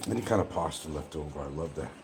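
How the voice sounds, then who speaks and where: At home, a vlogger with an extremely low-pitched voice talks fast and rambles casually while he eats, grumbling about the news between bites. Heavy background noise fills the recording.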